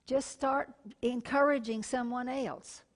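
A woman's voice: sits high, steady tone, slow. Folksy woman TV preacher. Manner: folksy and warm, calls listeners honey, tells personal stories. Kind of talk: sermon.

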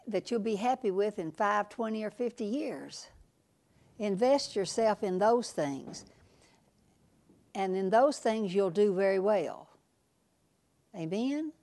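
A woman's voice: mid-range voice, warm tone. A woman preaching a sermon, earnest and emphatic, repeating her key lines and dropping to a whisper for asides.

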